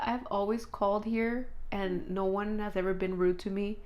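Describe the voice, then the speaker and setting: A woman in casual podcast talk, her pitch in the middle range. She recounts everyday stories with plenty of fillers and drops in Spanish words now and then. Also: a little fast, few pauses. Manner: relaxed storyteller, drops Spanish phrases, fillers like and um. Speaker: podcast co-host. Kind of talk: casual chat.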